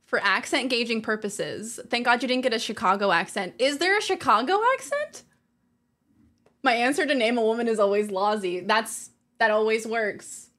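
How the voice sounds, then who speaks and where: A woman's voice: on the high side, animated, normal speed, a bit bright. Chatty, laughing woman streamer. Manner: chatty, laughs often, reads chat aloud. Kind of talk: casual chat with viewers.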